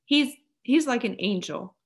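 A stubborn, quick-tempered young girl from a storybook fires back heatedly, voiced by a woman reading aloud. Her voice sits lowish with a gravelly grain. She argues with fierce conviction. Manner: heated, retorting.

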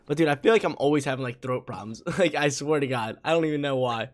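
A young man, a little hoarse, giving laid-back, slangy gameplay commentary with excitable bursts. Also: medium pitch, fast, faint music behind.

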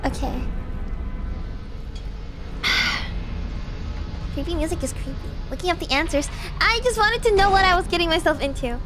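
A young woman streaming a game, chatting casually with her chat, jumpy and quick to swear when startled. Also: very high-pitched, lively intonation. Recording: clear game music behind voice. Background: game music.

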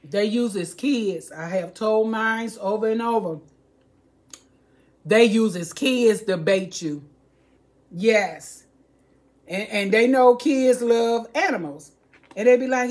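Older woman, slow and pleading, preachy home vlogger warning her viewers. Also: fairly high pitch, a little mellow. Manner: pleading, preachy, repeats herself, acts out voices.

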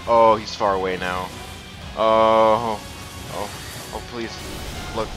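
A young man giving excited gameplay commentary, often stammering and repeating himself. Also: fairly low pitch, takes it slowly, pauses often. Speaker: let's play gamer. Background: game music.

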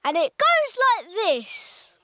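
An actor voicing an eager small boy pony who plays at being a cowboy in a children's cartoon, with a high childlike voice. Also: huge pitch swings, slow pace, a bit bright, dry recording, full character voice.

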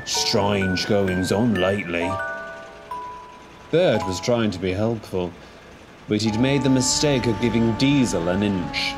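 A man doing scripted storybook narration in a measured, storytelling manner. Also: on the low side, lively intonation. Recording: narration over music.

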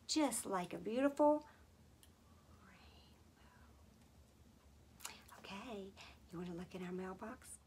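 A woman leading a gentle music and sign-language lesson for small children, speaking softly and slowly, often dropping to a whisper. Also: mid-range voice, lively intonation, noisy background. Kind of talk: gentle teaching for toddlers.

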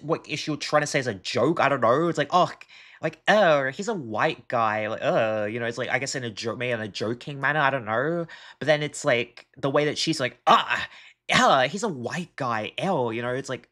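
A woman's voice: extremely low pitch, fast talker, few pauses, fairly bright tone. A woman giving earnest, emphatic reaction commentary, often repeating herself as she makes her point. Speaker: reaction streamer.

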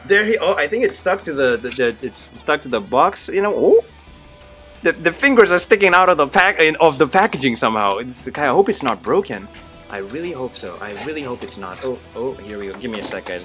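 A young man hosting an unboxing vlog, talking casually with many fillers and breaking into excited high shouts. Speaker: YouTube unboxing host.

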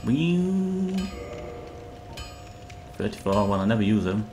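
A man's voice: lowish voice, steady tone, unhurried, music in the background. A man playfully commentating on a video game while he plays and talks to its characters. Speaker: gamer. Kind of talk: let's play commentary.

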